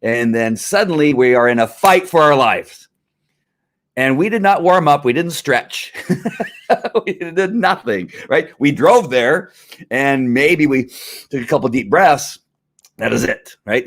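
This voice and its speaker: Fired-up man talking police training. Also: fairly high pitch. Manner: earnest, fired-up, many restarts and fillers. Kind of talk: live-streamed casual talk.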